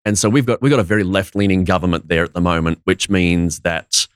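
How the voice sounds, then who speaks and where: A man from northern Queensland with a light Australian accent, speaking in a very deep voice. He explains things clearly and deliberately as an interview guest. The recording is dry and close. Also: steady tone, dry recording. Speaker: evangelist guest. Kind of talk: casual interview chat.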